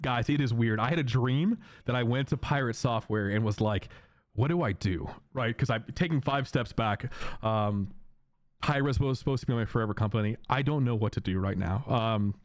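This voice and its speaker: With no echo on the audio, a man chats aimlessly with his stream audience, frequently saying things twice. Every so often he breaks into high, loud, excited laughs.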